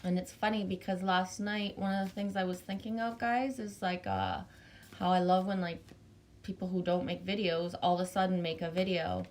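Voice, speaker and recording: A woman's voice: on the low side, moderate pace. A woman from Canada with a Canadian accent, hosting a casual livestream, chatty and bubbly, greeting viewers by name and swearing casually. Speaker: livestream host reading chat. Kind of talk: casual live chat.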